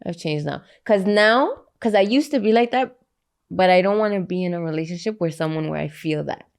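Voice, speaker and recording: A woman talks as a podcast guest, her low voice gravelly with vocal fry. She speaks in a very animated way, with her pitch swinging widely. She is playful and breaks into laughter often. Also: brisk. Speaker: musician guest. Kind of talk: casual chat.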